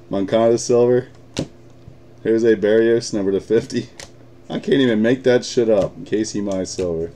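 A man's voice: fairly low pitch, warm tone, slight background noise. A man with an American accent hosting a live card break, chatting casually, swearing and laughing often.

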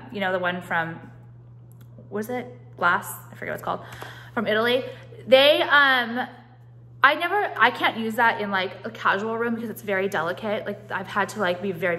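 Bright-voiced chatty woman vlogging at home. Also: on the high side. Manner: chatty, profane, full of "like" and restarts. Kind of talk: casual vlog chat. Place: at home, walking through rooms.

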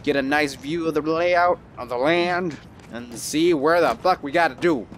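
A man's voice: normal speed, slight background noise. A man giving casual, profane commentary while playing a video game, joking around and putting on silly voices. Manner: playful, goofy and profane, breaks into silly high put-on voices. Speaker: video game let's player.

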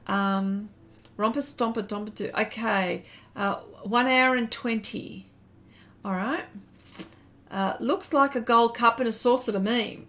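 A middle-aged woman with an Australian accent chats casually while she draws on a live stream. Her voice sits fairly high. She laughs easily and reads out messages from her viewers. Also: normal speed, fairly bright tone. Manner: chatty, laughs often, reads chat aloud. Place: home studio shed.

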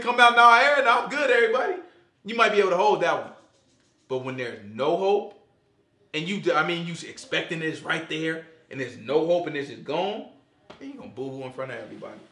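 A man leading an informal Bible study, lively and acting out scenes in quoted voices. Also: sits high. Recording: echoey room.

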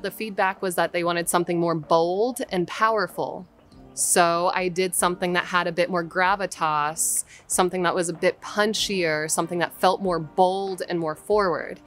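A woman voice actor talking casually and explaining how she takes direction, careful and measured. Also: on the low side, fairly bright tone. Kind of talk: casual advice talk. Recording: faint background music.

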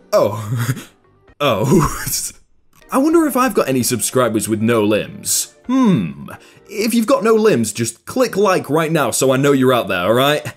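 Guy reading funny posts, laughs a lot, pitch all over the place, kinda high voice. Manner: laughs often, lively voice. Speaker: YouTube host reading Reddit posts. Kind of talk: casual comedic commentary.

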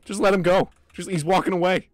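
A man's voice: high-pitched, steady tone, brisk, no echo. A man streaming a horror game, talking to his chat in a jittery way and swearing often. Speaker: gaming streamer. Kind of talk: live gameplay commentary.

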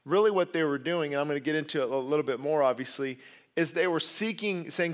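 A pastor preaches emphatically at a quick pace in a slightly high voice, repeating key words and getting louder when stressing points. He also drops in conversational asides and corrects himself.

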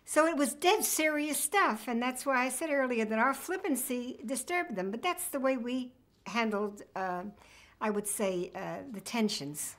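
A woman's voice: fairly high pitch, measured pace, fairly bright tone. Older woman recalling the past. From United States. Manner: reminiscing storyteller, wry humor. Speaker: interviewee. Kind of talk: oral history interview.

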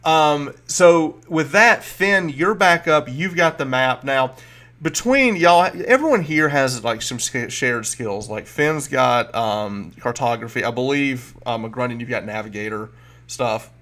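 A man talks through a tabletop scene as game master. He is easygoing and halting, full of ums and restarts. His voice sits mid-range. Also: mid-range voice, a bit bright. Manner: casual, halting, many fillers.

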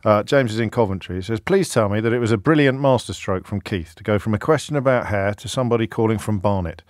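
A man's voice: on the low side, fast talker, dry recording, studio quality. A man hosting a radio phone-in, bantering and teasing callers in a playful, jokey way. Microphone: studio microphone.

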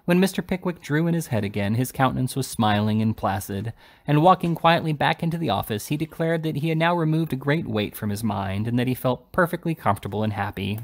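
A man reads a classic novel aloud at a measured, steady pace. His voice is gravelly and pitched in a middle range. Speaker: audiobook reader.

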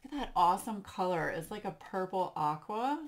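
A woman's voice: on the low side, lively intonation, a little fast. A woman, hosting a craft channel and gushing over gifts she unboxes for viewers, with frequent gasps. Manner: gushing, lots of gasps and exclamations.

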